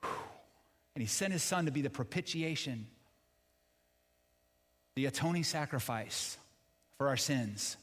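Preacher in a reverberant hall. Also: male voice, mid-range voice, lively intonation, measured pace, pauses often, fairly bright tone. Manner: preaching with rising emphasis and call-and-response. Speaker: pastor. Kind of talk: sermon.

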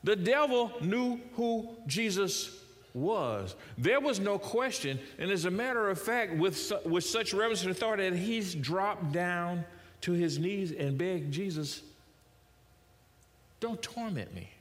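A man's voice: sits high, animated, unhurried, in a large hall. A man preaching a sermon in a conversational way, reading scripture and asking rhetorical questions. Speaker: pastor.

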